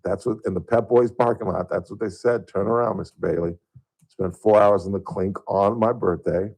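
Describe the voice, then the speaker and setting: A middle-aged radio host from Southern California tells stories in a casual on-air chat, getting loud and high when worked up. His intonation stays fairly even at a moderate pace with a breathy edge, and the recording is low in quality.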